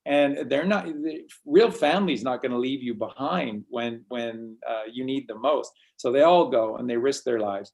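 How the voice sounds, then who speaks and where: A man's voice: medium pitch, normal speed, vocal fry, hardly any pauses, a little mellow. A man hosting a casual spiritual talk, rambling and often repeating words as he restarts sentences. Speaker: host.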